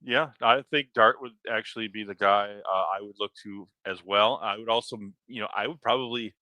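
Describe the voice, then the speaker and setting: A man's voice: lowish voice, a little fast, no room sound, highs cut off. A man co-hosting a fantasy football show who talks in a fired-up, ranting way. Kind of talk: casual live-stream chat.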